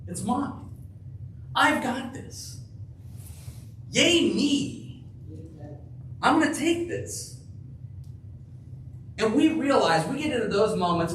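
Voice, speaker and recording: A man preaches in a high voice at an unhurried pace, leaning on each phrase and dropping to a near-whisper for emphasis. He is heard from a distance in a reverberant church sanctuary, with a faint hum of room noise behind him. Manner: slow, emphatic preaching with dramatic drops to a hush. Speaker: pastor. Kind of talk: sermon.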